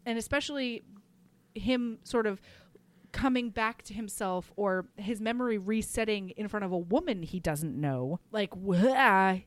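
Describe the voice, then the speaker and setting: A woman co-hosting a casual podcast, recapping a romance novel with profanity and quick acted-out asides. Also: mid-range voice, no room sound. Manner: animated, profane, acts out characters in quick asides. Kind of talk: casual chat.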